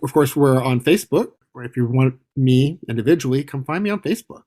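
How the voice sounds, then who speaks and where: A man guesting on a podcast as a game designer, speaking in a measured way with frequent fillers. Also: mid-range voice, lively intonation, warm tone. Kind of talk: casual interview.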